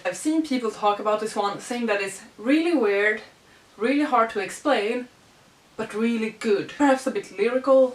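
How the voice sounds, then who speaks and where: Excitable young woman, echoey room. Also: fairly high pitch, normal speed. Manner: gushing, excitable, squeals and laughs. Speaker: book vlogger. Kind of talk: casual book haul chat. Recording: echoey room, mic at a distance.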